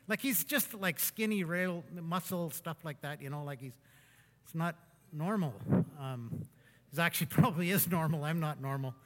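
A man's voice: a little high, animated, moderate pace, a bit bright. A man telling folksy, rambling stories with self-mockery in a sermon talk to a congregation. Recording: long hall reverb.

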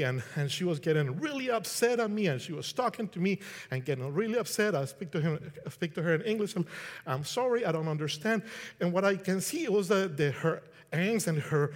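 A middle-aged man from Colombia, giving a casual, conversational sermon and acting out quotes. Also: high voice. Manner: conversational, restarts, acts out quotes. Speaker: preacher. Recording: long hall reverb.

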